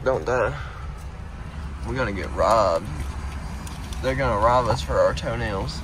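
A man's voice: mid-range voice, measured pace. A man chatting casually in a travel vlog, loose, joking and swearing a lot, recorded outdoors and in a car. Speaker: vlogger. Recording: loud wind noise.

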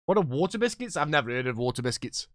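A man in his thirties playing a football management game, chatting with viewers and reacting loudly to the match. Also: medium pitch, very animated, fast talker, no echo, studio quality. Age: 30s. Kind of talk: live gameplay commentary and chat.

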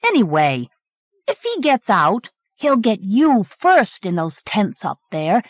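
A woman's voice: mid-range voice, huge pitch swings, slow, no echo, exaggerated voice. A woman reading as a gleeful gory schoolboy. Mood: relish. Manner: relishing, boastful. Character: gleeful rough schoolboy who relishes gore. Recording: dry, dull 1980s cassette.

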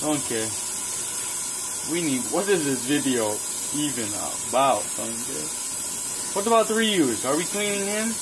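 A man's voice: fairly high pitch, expressive, measured pace, long pauses, background noise. A man playing a goofy, dramatic male ogre in an amateur comedy skit, whining and repeating his sidekick's name. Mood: silly griping. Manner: goofy, whiny, repeats "donkey".

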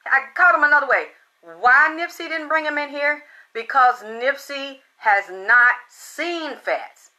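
A woman holding forth to her audience in a loose, profane monologue. Her voice sits a little high, with a bright, tense, forceful bite. She stumbles over her own words and repeats herself as she gets excited. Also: unhurried, rough recording. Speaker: spiritual reader and channel host. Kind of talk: casual storytelling monologue.

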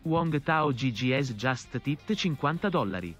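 A man's voice reading out donation alerts, flat and synthetic, with quiet music behind. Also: mid-range voice, normal speed, highs cut off, lightly acted. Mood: announcing. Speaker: donation alert text-to-speech voice.

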